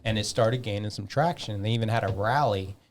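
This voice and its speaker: A man in his fifties with a low-pitched voice talks as a podcast guest, spinning an animated story. He swears freely and acts out the back-and-forth with other people himself. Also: brisk, slight background noise. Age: 50s. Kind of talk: casual storytelling.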